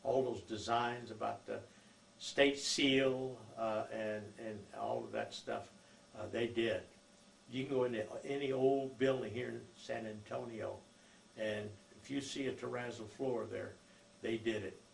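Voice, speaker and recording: Older male narrator, rough gravelly voice, easygoing anecdote-teller, roomy recording. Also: medium pitch, steady tone, unhurried. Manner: rambling folksy storytelling with many fillers. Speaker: oral history narrator. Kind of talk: recorded life-story reminiscence. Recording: echoey room with faint noise.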